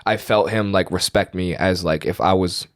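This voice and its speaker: A young man with a deep voice co-hosting a podcast, talking bluntly and swearing freely in casual chat. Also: normal speed, no room sound, studio quality. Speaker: podcast co-host. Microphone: studio podcast mic.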